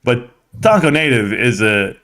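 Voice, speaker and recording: A man in his forties hosting a live stream, teasing his guest with animated, excitable banter. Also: mid-range voice, a little slow. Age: 40s.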